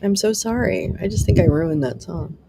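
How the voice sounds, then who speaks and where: A woman's voice: medium pitch, expressive, normal speed, vocal fry, dark tone, slight background noise. A woman hosting a casual live stream, chatting with viewers, reading the chat aloud, laughing often and swearing casually with a self-mocking humor. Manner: chatty, giggly, reads chat aloud and jokes. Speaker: livestream host.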